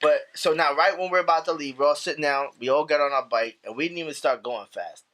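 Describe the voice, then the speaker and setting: A man's voice: a little high, quick pace, fairly bright tone. A young man, telling a story in casual, profane chat and repeating himself as he goes. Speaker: podcast guest.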